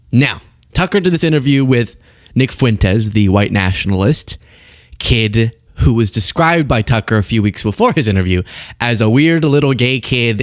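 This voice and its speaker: A man hosts a commentary show with a sarcastic, mocking delivery. His pitch swings widely as he talks. The sound is dry and close, with almost no room in it. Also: dry recording. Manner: mocking, jumps into exaggerated impressions. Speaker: political commentary host.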